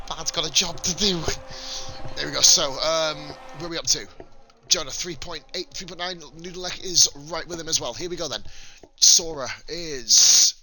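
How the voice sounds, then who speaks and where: A man commentating an online racing league race in a casual, sweary and blunt way, ranting at drivers and chat. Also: a little high.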